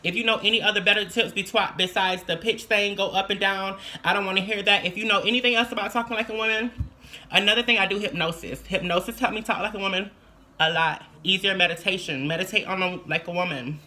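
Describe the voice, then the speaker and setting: A woman's voice: medium pitch, fairly even intonation, quick pace, sharp tone. A trans woman vlogger giving casual voice-feminization tips in a chatty, sassy, playful way. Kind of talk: casual advice vlog.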